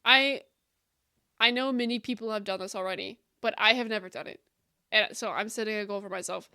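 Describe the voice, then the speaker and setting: A woman's voice: mid-range voice, fairly quick, bright, forceful tone, clear, resonant tone. A woman streamer chatting casually with her viewers on a live stream, giggly and emotional, often breaking into laughter. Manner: emotional and effusive.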